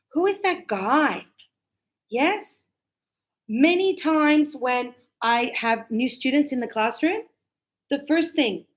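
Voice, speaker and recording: A woman teaching a class, acting out greetings and small talk in a bright sing-song voice. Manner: animated, acts out dialogues with sing-song high-pitched lines. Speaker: English teacher. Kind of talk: classroom English lesson.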